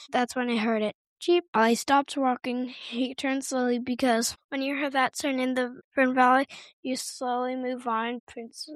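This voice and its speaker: A woman reads a children's story aloud in a steady, unhurried way, now and then tripping on a word. Her voice is high and stays level with little melody. The recording is close and dry, with no room sound. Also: no echo. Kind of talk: storybook narration.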